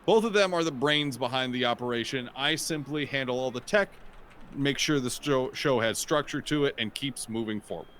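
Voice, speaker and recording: A man's voice: medium pitch, moderate pace, a bit bright, slight background noise. A man working as color analyst on a live sports stream, talking modestly and hesitantly with many fillers.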